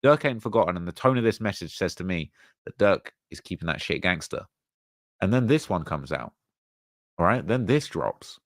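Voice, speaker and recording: Male host, low and dry, loose conversational commentary with lots of repeats. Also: lively intonation, normal speed, no echo. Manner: conversational, repeats himself, fillers. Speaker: channel host. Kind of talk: casual commentary on rap news.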